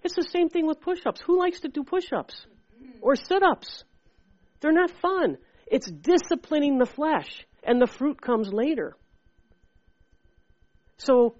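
Female preacher, chatty and animated sermon, higher voice, dry muffled sound. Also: no room sound. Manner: animated and conversational, acts out voices.

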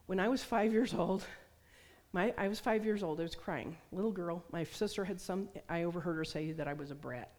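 A woman's voice: on the low side, fairly quick, darkish tone. A middle-aged woman preaching a sermon, telling stories and acting out the voices she quotes. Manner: storytelling, acts out quoted voices. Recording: long hall reverb.

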